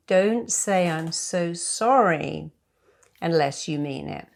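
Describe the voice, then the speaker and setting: A middle-aged woman hypnotherapist giving a lively motivational talk to camera, acting out bits of dialogue as she goes. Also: lowish voice, takes it slowly, gravelly. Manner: lively, acts out quoted dialogue.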